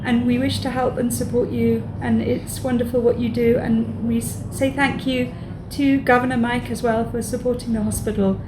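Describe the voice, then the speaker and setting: A woman's voice: fairly high pitch, level tone, moderate pace. A woman visiting a hospital, giving an emotional thank-you with her voice wavering. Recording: echoey room with loud noise.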